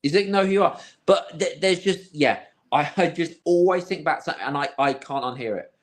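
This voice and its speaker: A man's voice: on the high side, normal speed. A man co-hosting a casual film podcast, rambling with many restarts and a dry sense of humour. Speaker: podcast co-host.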